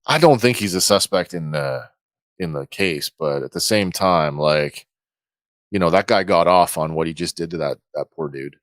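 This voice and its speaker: A man playing a tabletop game, talking hesitantly with many pauses and restarts. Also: sits low, dry recording, studio quality. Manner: hesitant, lots of uhs and restarts. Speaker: player. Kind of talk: tabletop role-play, in character.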